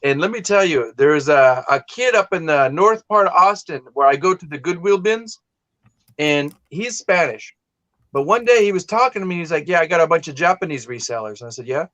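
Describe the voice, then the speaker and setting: A man's voice: on the high side, expressive, normal speed, fairly bright tone, no room sound. A man from California hosting a casual live stream, telling rambling stories with many restarts. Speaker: host.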